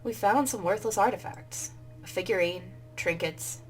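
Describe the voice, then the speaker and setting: A woman's voice: medium pitch, moderate pace, faint music behind, close to an everyday voice. A woman voicing a curious young woman explorer who questions freely and dodges awkward answers. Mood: evasive.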